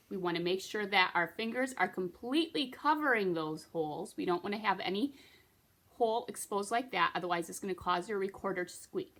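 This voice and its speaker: A woman with a bright, clear-toned voice leads a beginner recorder lesson. She talks patiently, guiding step by step and checking in often to keep the class with her. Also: medium pitch. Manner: patient, encouraging, checks in with frequent okays. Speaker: music teacher.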